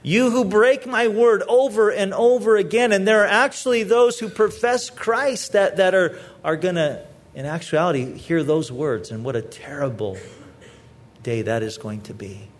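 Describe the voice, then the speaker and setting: A male pastor delivers a sermon in a notably high-pitched voice. He speaks earnestly and pleadingly, often doubling words as he presses each point home. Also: normal speed.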